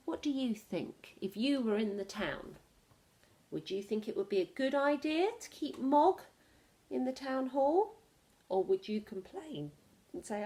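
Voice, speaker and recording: A woman reading a picture book aloud to children, animated and pausing to ask her listeners questions. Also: fairly high pitch. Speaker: storyteller for children.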